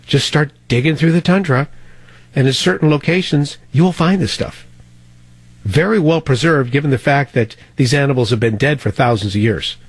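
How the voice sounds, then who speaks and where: A man's voice: fairly high pitch, no echo. Sarcastic talk radio host, man. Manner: sarcastic, mocking, rhetorical questions.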